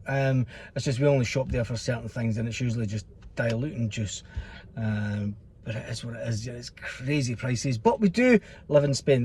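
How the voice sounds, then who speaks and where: Scottish male vlogger, mid-pitched, chatty and incredulous, clear background noise in the recording. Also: darkish tone. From Scotland. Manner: chatty, keeps exclaiming in disbelief at prices. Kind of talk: casual vlog commentary. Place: shops and a car.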